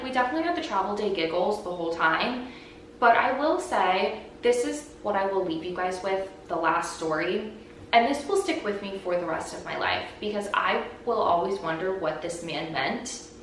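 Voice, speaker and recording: A woman's voice: mid-range voice, normal speed. A young woman hosting her own vlog and podcast, telling a story casually and animatedly and saying "like" a lot. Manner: chatty, heavy use of "like", animated retelling. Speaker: vlogger and podcast host. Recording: very echoey room, voice from a distance, faint background noise.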